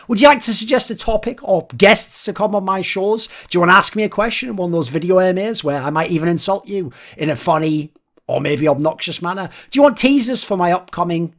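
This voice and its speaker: A man hosting his own esports channel, giving a blunt, rapid and profane opinion monologue. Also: high voice, lively intonation, a bit bright. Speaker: esports commentator and channel host.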